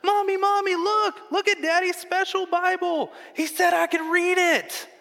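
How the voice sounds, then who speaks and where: A man voicing an excited little girl who calls out high and breathless, in a reverberant hall. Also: measured pace, vocal fry, exaggerated voice. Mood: thrilled. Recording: long reverb of a large hall.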